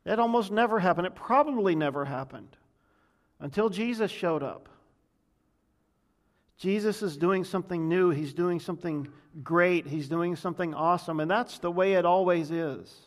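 A male pastor delivering a sermon. His voice sits a little high for a man, and he drives his points home through repetition, now and then restarting a phrase. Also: moderate pace. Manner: emphatic preaching with repetition.

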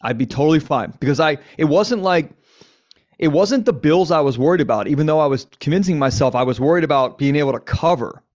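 A man's voice: on the high side, animated, quick pace, few pauses, a little mellow. A man hosting a casual conversation, talking candidly and animatedly, with some swearing. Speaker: podcast host. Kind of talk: casual conversation on men's lives. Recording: slightly dull lo-fi audio.

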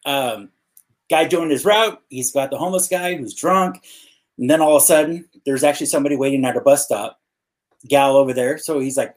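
A man's voice: medium pitch, a little fast. A man co-hosting a casual podcast, telling a long joke and acting out the characters' lines. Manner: animated, acts out characters in his jokes. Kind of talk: casual storytelling.

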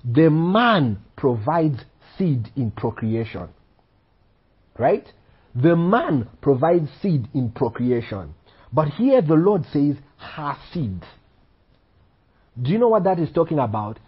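A male preacher delivers a sermon in a husky voice. He leans on rhetorical questions and keeps checking in with his listeners. The recording sounds dull and lo-fi. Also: fairly high pitch, sing-song, a little slow. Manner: rhetorical questions, frequent "Okay?" check-ins.

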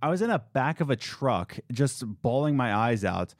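Animated young man rambling on a podcast. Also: medium pitch, normal speed, no echo, studio quality. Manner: animated, rambling storyteller with frequent restarts. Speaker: podcast co-host. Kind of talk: casual chat.

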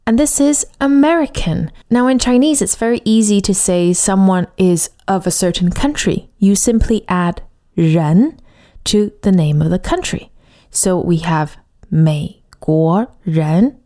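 A woman co-hosting a podcast language lesson, explaining clearly and saying example words slowly. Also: medium pitch, lively intonation, mellow. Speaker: language teacher.

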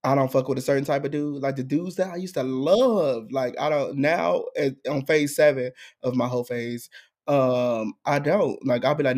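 A young man hosting a podcast, telling a story in an animated, profane way with frequent laughter. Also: medium pitch, normal speed. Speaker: podcast host. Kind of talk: casual chat storytelling.

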